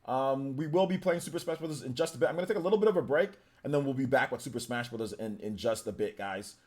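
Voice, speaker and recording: A man's voice: medium pitch, quick pace, a little mellow. Laid-back Northern Californian man, rambling. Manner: rambling, filler-heavy, easygoing. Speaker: livestream host. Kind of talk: casual live stream chat reading viewer comments.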